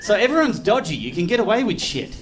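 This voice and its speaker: An Australian man performing a stand-up comedy set on a club stage, animated and slipping into loud put-on voices. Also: high-pitched, quick pace. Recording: live club recording with crowd noise. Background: audience laughter.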